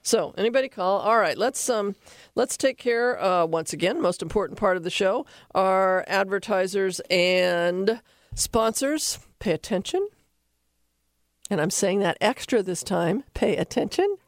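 A woman hosting a radio talk show, giving animated, rambling dog behavior advice from a studio. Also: medium pitch, measured pace, no room sound.

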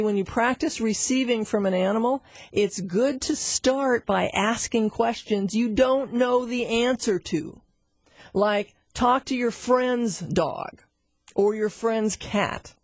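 A middle-aged woman tells a story as a lesson in a chatty, animated way, often turning to the listener. Her voice is husky, and the sound is close and dry. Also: a little high, no echo. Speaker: animal communication teacher.

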